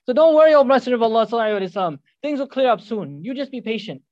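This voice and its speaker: A man's voice: very high voice, animated, racing, muffled recording. A man voicing a loyal young companion who reassures the Prophet. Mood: reassuring.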